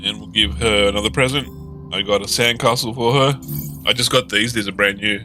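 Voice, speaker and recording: A man's voice: fairly low pitch, steady tone, fairly quick. A man chatting casually and goofily while streaming a video game. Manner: goofy, silly and chatty. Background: game music.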